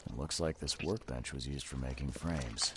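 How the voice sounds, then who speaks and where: An actor playing a gruff, grim male detective in a video game, with a deep gravelly voice. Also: moderate pace. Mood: grim, flat. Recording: game audio with faint noise.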